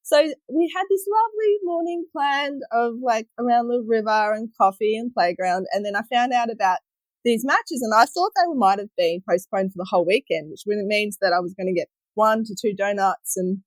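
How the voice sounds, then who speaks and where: A woman in her thirties talks through stories with a bright laugh never far away. Her voice sits a little high. The sound is close and dry. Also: moderate pace, dry recording. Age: 30s. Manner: chatty storyteller, laughs often. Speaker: podcast guest. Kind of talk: casual chat.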